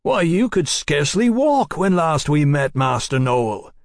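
A man playing a gruff, hearty explorer of middle years, speaking up with booming good cheer. The voice sits close and dry, with no room around it. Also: expressive, normal speed, dry recording.

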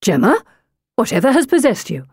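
A woman voicing a proper young Victorian gentleman who talks briskly and sounds exasperated with his sister. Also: a little high, sing-song, husky, dry recording, studio quality, exaggerated voice.

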